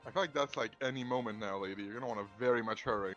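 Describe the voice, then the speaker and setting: A man's voice: mid-range voice, very fast, fairly bright tone. A male co-player chatting casually and animatedly during a game, swearing freely. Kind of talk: casual gaming chat. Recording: dull lo-fi with game music.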